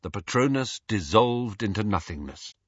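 A man reading a story aloud in an expressive, measured storytelling manner. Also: lowish voice, husky, no room sound. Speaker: audiobook narrator. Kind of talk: scripted narration. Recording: dull lo-fi audio.

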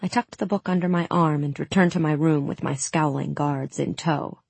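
A woman narrating a first-person fantasy audiobook in a measured way, giving the characters' lines some heat. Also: sits low, fairly even intonation, creaky, a little mellow, slightly rough, no room sound.

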